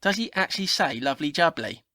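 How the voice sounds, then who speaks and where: A woman's voice: low-pitched, lively intonation, fast talker, pushed and bright, no room sound, studio quality, full character voice. A woman voicing a clumsy, cheeky male sidekick in a comedy audio play, apologetic and easily amused.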